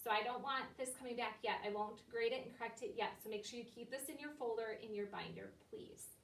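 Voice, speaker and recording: A woman's voice: fairly high pitch, a little fast, distant mic, a little hiss or hum. A woman teacher giving patient, step-by-step instructions to young children in a recorded lesson. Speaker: elementary school teacher. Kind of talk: recorded remote classroom lesson. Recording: echoey room, voice off from the mic.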